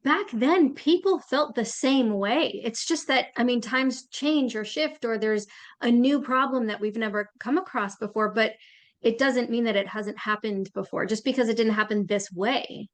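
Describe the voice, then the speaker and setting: High-voiced woman podcast host. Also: normal speed. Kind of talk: conversational interview.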